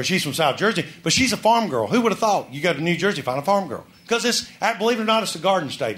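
Folksy comedian, lively pitch. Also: male voice. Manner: folksy storyteller, rising to excited shouts in the punchline. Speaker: stand-up comedian. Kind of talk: live stand-up comedy set. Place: club or stage before a live audience. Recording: live show with audience laughter and noise.

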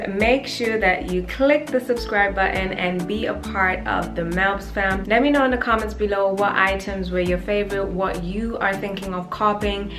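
A young woman talks through a clothing haul in a chatty, playful way, full of slang and jokey asides. Her voice sits at a middling pitch. It bounces around an echoey room with the mic set back, and faint music runs underneath. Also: fairly bright tone, distant mic. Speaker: fashion vlogger. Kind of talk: casual haul vlog.

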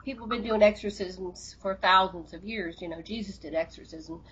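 A woman's voice: medium pitch, normal speed, husky. Chatty woman co-hosting a radio show. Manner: animated storytelling with laughs and restarts. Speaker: radio co-host. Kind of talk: casual interview chat. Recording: dull lo-fi radio audio.

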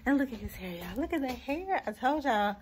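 A woman's voice: high voice, lively intonation, brisk, a little hiss or hum. A woman chatting casually to camera at home as a vlogger. She rambles and fills her talk with many ums.

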